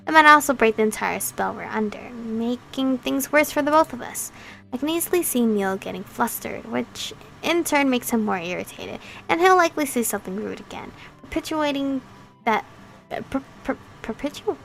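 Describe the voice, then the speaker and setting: Voicing the heroine of a visual novel, a woman who hosts a game channel reads it aloud and keeps stopping for playful, chatty comments between lines. Her voice sits on the high side and sounds creaky.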